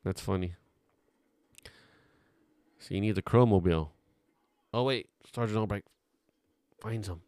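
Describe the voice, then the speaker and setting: A man's voice: on the low side, a little slow, pauses often, darkish tone, no echo. A man giving a casual, rambling film commentary as host, offhand and swearing now and then.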